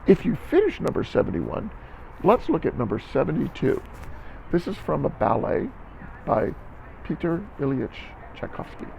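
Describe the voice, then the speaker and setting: A man's voice: a little high, wildly swooping pitch, moderate pace, creaky, dark tone, dull audio, slight background noise. A man teaching a recorded band lesson to students, encouraging them and counting beats aloud.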